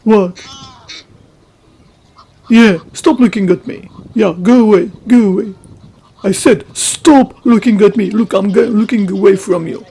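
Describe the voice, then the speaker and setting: A woman's voice: medium pitch, unhurried, pauses often, warm tone, slightly rough, low-quality recording. A woman voicing a grumpy lone bird who snaps at onlookers in a comic wildlife voice-over. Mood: irritated. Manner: irritable, snappish.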